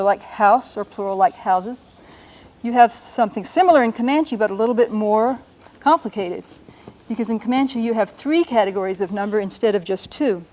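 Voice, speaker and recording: A woman's voice: medium pitch, darkish tone. Patient woman teaching a language lesson. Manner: patient, explanatory, slows down to sound out words.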